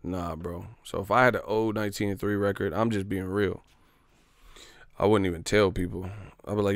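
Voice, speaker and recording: A man doing loose, joking boxing commentary for his online channel, in slangy street talk with quick put-on voices. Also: lowish voice, vocal fry, a bit bright. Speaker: boxing YouTuber. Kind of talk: casual comedic boxing commentary.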